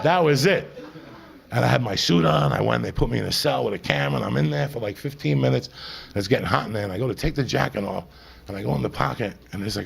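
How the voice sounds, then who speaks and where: A middle-aged man doing stand-up comedy, telling a long confessional story to the crowd in a profane, rambling way. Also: medium pitch. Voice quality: gravelly, husky voice.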